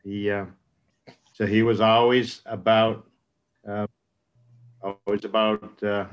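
Man, low voice, hesitant, anecdotal remembrance on a call. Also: flat delivery, slow pace, clean tone, lo-fi sound. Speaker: meeting participant. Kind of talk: storytelling remembrance.

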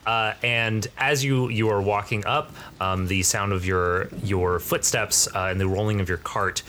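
A man's voice: on the low side, steady tone, a little slow, pushed and bright, a little hiss or hum. A man narrating a tabletop game as game master, in a rambling way with many fillers.

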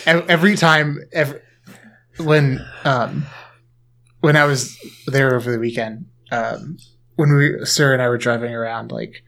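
A man chatting on a podcast, winding through his stories with plenty of pauses and fillers. His pitch sits in the middle range. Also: fairly bright tone. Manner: rambling, filler-heavy storytelling. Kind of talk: casual chat.

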